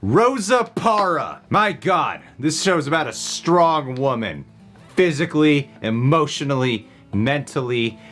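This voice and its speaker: A man's voice: lively intonation, unhurried, a bit bright, faint music behind. A man co-hosting a reaction show, chatting casually and joking around. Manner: joking, rambling, goes into squeaky put-on voices. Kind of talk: casual comedic reaction chat.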